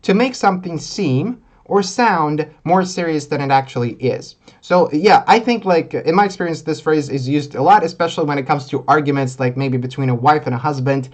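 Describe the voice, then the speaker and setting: A man's voice: a little high, moderate pace, few pauses. A man teaching English in a live online lesson, explaining phrases in an easygoing way with many fillers.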